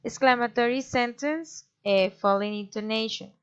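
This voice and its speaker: A woman reading pronunciation practice sentences aloud, with slow, deliberate, exaggerated intonation. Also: on the high side, clean tone, lo-fi sound. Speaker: student reading pronunciation drills.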